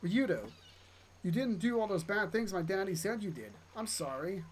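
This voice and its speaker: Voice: mid-range voice, expressive, moderate pace, a little hiss or hum, natural voice. A player reading aloud for a timid, earnest little girl who hesitates often. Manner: hesitant, full of ums.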